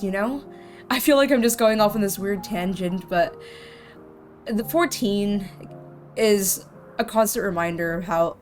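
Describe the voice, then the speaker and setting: A woman streamer giving casual let's-play commentary, rambling and heartfelt with lots of "like". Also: mid-range voice. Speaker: game streamer. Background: faint game music.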